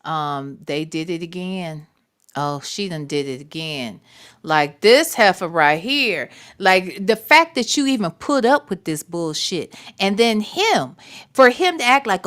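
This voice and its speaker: A woman's voice: lowish voice, expressive, a little slow, a bit bright. A woman hosting a late-night reaction livestream, commenting with sassy, profane asides and talking straight to her chat. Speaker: reaction show host.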